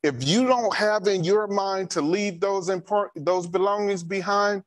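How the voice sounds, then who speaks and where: Male church safety trainer, somewhat high voice, slow deliberate delivery, drives points home by repeating them. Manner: emphatic, repeats key instructions. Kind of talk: training talk with a personal story.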